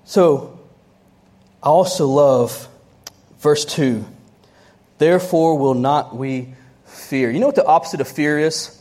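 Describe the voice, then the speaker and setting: Woman preacher, sermon delivery, animated and conversational, quick asides. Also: low voice.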